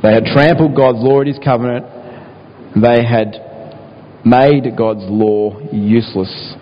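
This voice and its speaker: A man's voice: mid-range voice, steady tone, slow, slight background noise. A man preaching a sermon, sometimes acting out pleading prayers in a raised voice. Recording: dull, reverberant hall.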